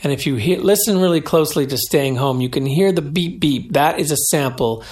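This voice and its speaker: A man giving casual, self-deprecating spoken commentary on his own album's tracks, relaxed and loose with frequent fillers. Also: on the high side, brisk.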